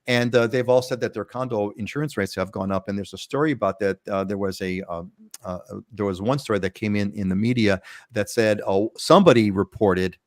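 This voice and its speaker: A man's voice: fairly low pitch, fairly quick, no room sound, clean studio sound. A man in his fifties hosting a live panel show, chatting casually and rambling with frequent restarts. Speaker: host.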